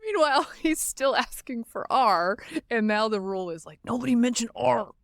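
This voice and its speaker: Woman in her 40s, podcast host, lively storyteller with frequent laughs, dry close mic. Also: on the high side, normal speed, smooth, no echo. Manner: animated storytelling, laughs often. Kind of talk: casual chat.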